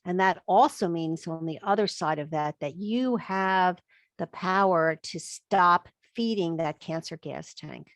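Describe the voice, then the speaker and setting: Her voice on the low side and her pace measured, a woman speaks as a guest expert on chronic illness in a podcast interview. She makes her points emphatically, acting out quoted thoughts of her own. No echo is heard.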